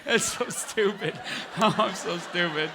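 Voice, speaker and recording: A man doing stand-up comedy on a large theater stage, talking in an animated way and jumping into high squealing impressions, with audience laughter behind him. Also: a little slow, noisy background.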